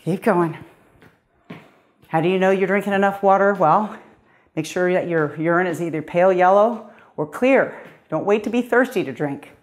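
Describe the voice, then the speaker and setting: A woman's voice: fairly low pitch, normal speed, pauses often. A middle-aged woman, a fitness coach, leading a guided workout with upbeat, encouraging cues, slightly out of breath.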